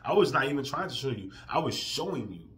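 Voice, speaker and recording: Emotional man ranting, bright voice. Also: mid-range voice, sing-song, fast. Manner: profane, swings from quiet and weary to loud and heated. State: emotional, near tears. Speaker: vlogger. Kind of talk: emotional vlog rant.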